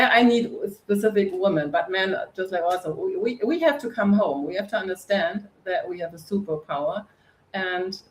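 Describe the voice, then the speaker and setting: On a podcast interview, a middle-aged face yoga coach from northern Germany joins as a guest, speaking in a mid-range voice with a German accent. She's blunt and energetic and laughs often, though the audio quality is poor.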